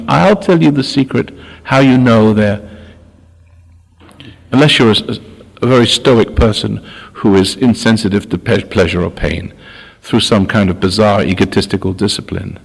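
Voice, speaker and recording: This spiritual teacher is an older man whose voice sits on the low side and sounds gravelly. His talk is full of halts, fresh starts and repeated words, all echoing with long hall reverb.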